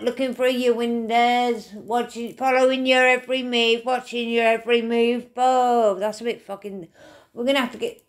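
A woman giving a casual, rambling spiritual reading to camera, swearing often and calling the listener mate and darling. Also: fairly high pitch. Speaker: tarot reader.

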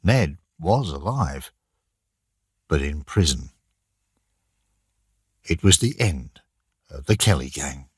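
Deep husky guy narrating a learners' audiobook, slow and lively, dry sound. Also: dry recording. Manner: slow, plain, deliberate reading for learners. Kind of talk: graded-reader audiobook narration.

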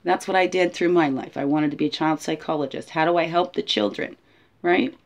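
A woman with a low voice, speaking a little fast, gives a casual, reflective spiritual guidance talk. She thinks out loud and ends many of her sentences with "right?"

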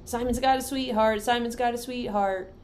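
A woman's voice: fairly high pitch, moderate pace, a little hiss or hum, voice pushed up, natural voice. A woman voicing a whiny, taunting teenage farm boy in a raised, sing-song voice.

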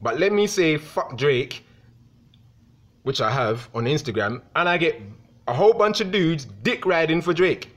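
A man's voice: lively intonation, normal speed. A young man delivering a heated, profanity-filled rant vlog to his viewers. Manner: heated, profane, swings in pitch. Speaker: vlogger.

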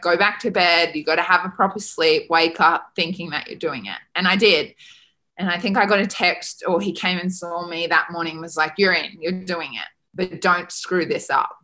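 Bright-voiced Australian woman telling stories. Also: fairly low pitch, normal speed. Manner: animated, peppered with "like", acts out quoted dialogue. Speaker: podcast guest. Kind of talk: casual storytelling.

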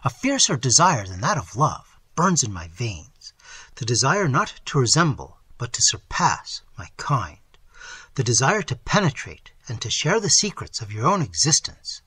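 A restless young Englishman, as a man puts him on, pleading in a fervent, anxious voice whose pitch swings widely. The tone is husky and bright, captured close and dry, like a storybook reading. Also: huge pitch swings, normal speed, no room sound, full character voice. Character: impassioned, restless young Englishman craving forbidden knowledge.

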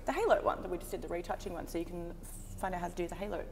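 A woman's voice: lowish voice, lively intonation, very fast, gravelly, big-room sound, crowd noise. A woman, a model, chatting casually and giggling, a little self-conscious. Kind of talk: casual chat, playful. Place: photo studio.

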